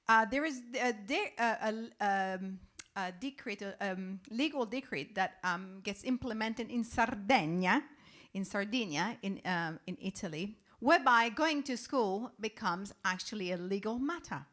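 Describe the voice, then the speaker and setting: A woman's voice: mid-range voice, animated, measured pace, a bit bright. A woman co-hosting a casual livestream, playful and chatty, dropping Italian phrases and hesitating with ums as she recounts facts. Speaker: livestream co-host. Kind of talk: casual chat on a home livestream.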